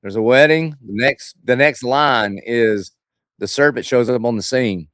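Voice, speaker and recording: A male pastor with a mid-range voice tells stories in relaxed conversation. He slips into the voices of people he quotes. The recording is close and dry. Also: mid-range voice, a little slow, no room sound. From Jacksonville, Florida. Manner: storytelling, acts out quoted voices. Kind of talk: casual chat.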